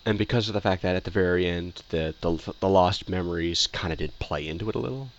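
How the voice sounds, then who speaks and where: A man's voice: sits low, fast talker, dull audio. A man casually giving a rambling opinion review, full of fillers, restarts and repeated phrases. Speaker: video reviewer.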